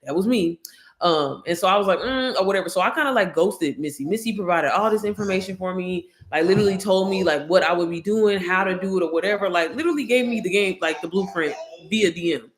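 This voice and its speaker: A woman's voice: on the low side, fast. A woman YouTuber telling a story to her viewers, candid and slangy, swearing freely and calling them y'all.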